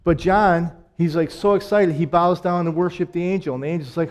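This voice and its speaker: A man's voice: sits high, steady tone, brisk, few pauses. A man preaching a sermon in a conversational way, with self-deprecating jokes and emphatic repetition.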